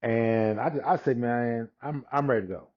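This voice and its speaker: A man in his sixties telling his personal testimony in conversation, unhurried, acting out the dialogue he quotes, with frequent restarts. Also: mid-range voice. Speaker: guest sharing his testimony. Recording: dull lo-fi recording.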